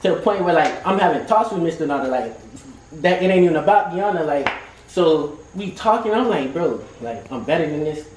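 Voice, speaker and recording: Young man, high-pitched, slangy casual testimony, many fillers, echoey, distant. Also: lively intonation, fairly quick, darkish tone, a little hiss or hum. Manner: slangy, loose, says "you feel me" and "like" again and again. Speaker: team member sharing his story. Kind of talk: casual heartfelt testimony in a group circle. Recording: roomy, from a distance.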